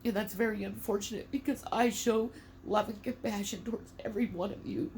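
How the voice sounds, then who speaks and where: A woman's voice: medium pitch, steady tone, a little fast, vocal fry, a little mellow, slight background noise. A middle-aged mother speaking emotionally to camera, tearful and defiant, swearing in anger.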